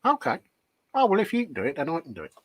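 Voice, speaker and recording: A man's voice: a little high, huge pitch swings, racing, slightly rough, no room sound. A man co-hosting a casual livestream chat, agreeable and easygoing, often restarting his sentences. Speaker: livestream co-host.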